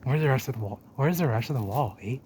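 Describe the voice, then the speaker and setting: Male explorer vlogger, mid-pitched, exclamatory walk-and-talk in an outdoor canal, with noisy ambience. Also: fast talker. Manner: excitable, exclamatory, talks to the camera as he walks. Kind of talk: handheld walking commentary. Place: outdoors in an old drained canal.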